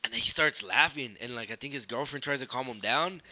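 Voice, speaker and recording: A young man telling a story in casual chat, animated and swearing, slipping in Spanish phrases. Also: mid-range voice, a little fast. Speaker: podcast guest storyteller.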